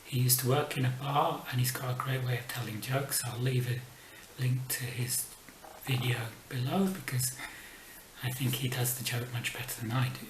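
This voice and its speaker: A man's voice: medium pitch, fairly even intonation, moderate pace, far from the mic. Man telling jokes in an echoey room. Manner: delivers punchlines softly, sometimes in a whisper. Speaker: book vlogger. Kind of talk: casual joke telling to camera. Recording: echoey room, mic set back, faint noise.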